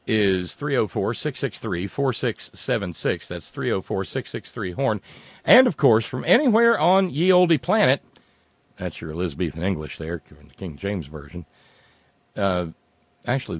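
A man hosting a call-in radio show, rambling and joking with sudden loud outbursts. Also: on the low side, no room sound. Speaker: radio talk show host. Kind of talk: casual call-in radio banter. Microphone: studio microphone.

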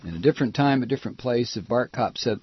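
A man hosting a political talk radio show, animated and sarcastic, with a husky voice. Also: medium pitch, quick pace. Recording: dull lo-fi broadcast sound.

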